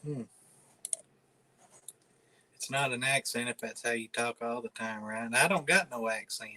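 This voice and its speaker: A man's voice: mid-range voice, moderate pace, pushed and bright, rough recording. A man from northern Alabama with a Southern accent, casually chatting with viewers on a livestream in a laid-back, mumbly drawl. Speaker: livestream host.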